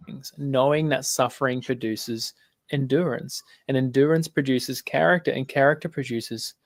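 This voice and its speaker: A man's voice: mid-range voice, steady tone, moderate pace, no echo. Earnest man preaching. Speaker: Christian preacher in a played clip.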